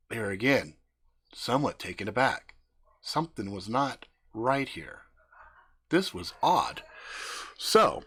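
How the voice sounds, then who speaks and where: A man's voice: medium pitch, lively intonation, slow pace, long pauses, fairly bright tone, no echo. A man improvising a crude story on a live stream, swearing freely, laughing and acting out the characters' lines.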